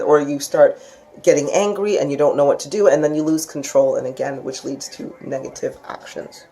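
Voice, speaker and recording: A woman teaching a casual spiritual lesson, talking chattily with many restarts and acting out quoted voices with big jumps in pitch. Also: fairly quick, a little mellow, slight background noise. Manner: frequent restarts and laughs.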